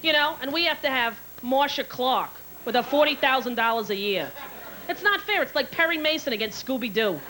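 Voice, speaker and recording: A woman's voice: high voice, animated, a little fast. A woman in her thirties doing a stand-up set on a theater stage, brash and swearing, acting out voices. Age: 30s. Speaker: stand-up comedian. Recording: live stage show with loud crowd and noise. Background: audience laughing.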